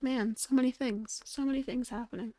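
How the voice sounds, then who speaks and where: A woman's voice: high voice, steady tone, a little fast, dark tone, no echo, studio quality. A woman streamer chatting casually while crafting, rambling and searching for words, with playful sound effects.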